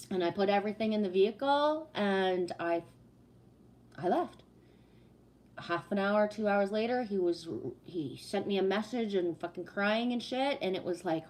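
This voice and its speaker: A woman's voice: mid-range voice, expressive, moderate pace. A woman in her forties talks straight to her viewers, swearing freely and hitting her words hard. She pours out a story in a casual, heated rush and then reads and answers chat comments. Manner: profane, emphatic, heated. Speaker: livestream host reading chat.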